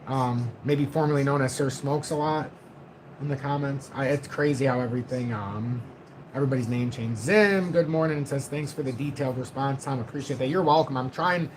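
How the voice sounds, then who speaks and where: A middle-aged man hosting a casual livestream from home, reading viewer comments in a deliberately low, calm voice. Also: noisy background. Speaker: livestream host.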